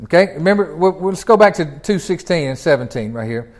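A man's voice: on the high side, animated, brisk, a little mellow. A man teaching a Bible class in a folksy, conversational way, often chuckling and restarting his phrases.

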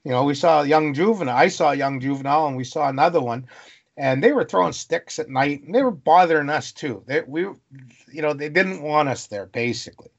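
A man from Canada tells wilderness stories as a podcast guest, animated and fond of long run-on lists. His mid-range voice carries a gravelly fry, and the recording is dull and lo-fi. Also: fairly high pitch, a little fast. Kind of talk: storytelling interview.

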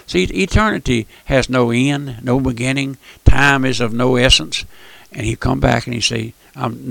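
A man's voice: medium pitch, moderate pace, gravelly, a bit bright, dry recording. A man preaching a fervent radio sermon, often repeating phrases and calling the listener "my friend". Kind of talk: fire-and-brimstone radio sermon.

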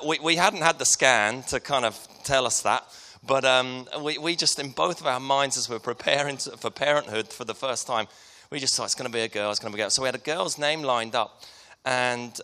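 A man in his thirties from Hertfordshire, England, preaches a sermon in a church hall with an English accent and a chatty, joking, self-deprecating style. His medium-pitched voice is bright and forceful. The hall gives a long reverb.

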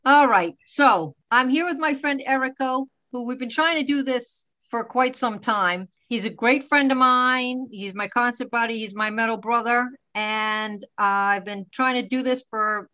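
A woman's voice: on the high side, measured pace, hardly any pauses, pushed and bright, no echo. A woman in her fifties from Boston hosts a podcast in an upbeat, chatty way. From Boston, USA. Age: 50s. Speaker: podcast host. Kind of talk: podcast intro and interview.

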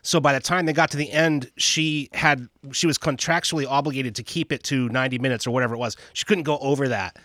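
A man's voice: mid-range voice, fairly even intonation, fast, hardly any pauses, a bit bright, no room sound, clean studio sound. A man hosting a podcast, chatting casually in long rambling turns that restart often. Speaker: podcast host. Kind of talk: casual chat.

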